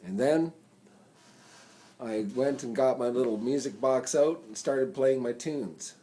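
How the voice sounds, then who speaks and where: A man, telling a rambling story to a phone camera in a casual, drawn-out way. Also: medium pitch. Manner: rambling, slow, drawn-out delivery; loud and excited when reenacting chants. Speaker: vlogger.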